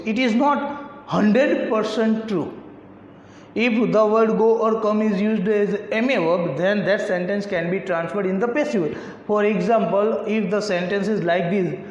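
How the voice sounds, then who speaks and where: Indian english guy teaching grammar, slow and repetitive, roomy dull recording. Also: sits high. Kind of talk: classroom grammar lesson. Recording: echoey room, slightly dull lo-fi sound.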